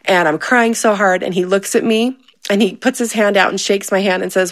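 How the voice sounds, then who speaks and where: A woman in her forties telling a personal story in casual conversation, animated and laughing often. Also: mid-range voice, normal speed. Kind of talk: casual chat.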